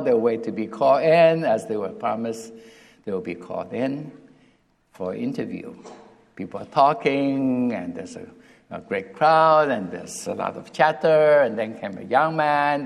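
A man preaching a sermon, retelling a scripture story in a deliberate, halting way with restarts and emphasis. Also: mid-range voice, vocal fry. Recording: long reverb of a hall.

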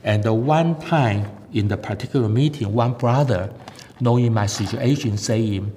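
A man giving a sermon testimony, earnest and halting, with frequent fillers and non-native grammar. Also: mellow. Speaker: lay preacher giving testimony. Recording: echoey hall with faint rumble.

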